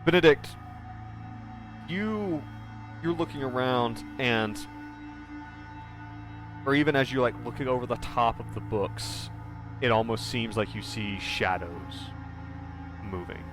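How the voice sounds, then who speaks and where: Man, game master, rambling narration, filler-heavy, soft background music. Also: mid-range voice, slow pace, pauses often. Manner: loose, rambling, lots of fillers. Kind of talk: narrating a tabletop horror game.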